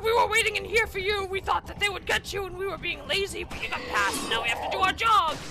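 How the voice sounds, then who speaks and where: A woman voicing a lazy, sheepish male enemy guard in a quick, mocking way. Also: extremely high pitch, loud music behind the voice, voice pushed up.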